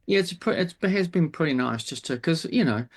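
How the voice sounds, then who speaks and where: A New man is a podcast guest, with a voice pitched a little above the usual for a man. He talks in an easygoing, reassuring way. He restarts his sentences often as he searches for words. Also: lively intonation, brisk. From New Zealand. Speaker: guest, psychologist and TV presenter. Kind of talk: casual interview chat.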